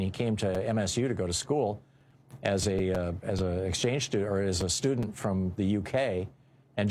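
A man hosting a political talk show, giving unscripted commentary in a halting way, with many fillers and restarts. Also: mid-range voice, a little mellow, breathy edge. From United States.

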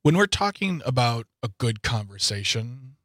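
A man's voice: medium pitch, very animated, moderate pace, fairly bright tone, no echo, clean studio sound. A man co-hosting a radio show, chiming in with playful, joking banter. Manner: jokey, playful asides. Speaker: radio co-host. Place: radio studio.

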